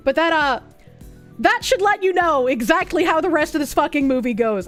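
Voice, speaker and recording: A woman streamer giving loud, profane, casual commentary as she reacts to a movie, laughing often between rants. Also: very high-pitched, expressive, moderate pace, soft background music.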